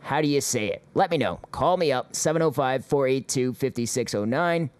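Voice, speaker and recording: A man hosts a call-in show in a loose, rambling way, dropping sarcastic remarks and little chuckles. His voice sits at an ordinary middle pitch. The sound is dry and close. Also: expressive, moderate pace, clear, resonant tone, no room sound. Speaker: host. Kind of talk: casual call-in show chat.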